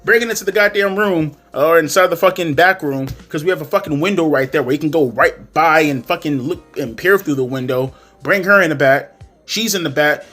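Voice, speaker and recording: A man's voice: on the high side, fairly quick, fairly bright tone, faint music behind. A man giving blunt, profane, heated commentary and telling a story in a vlog. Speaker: commentary vlogger.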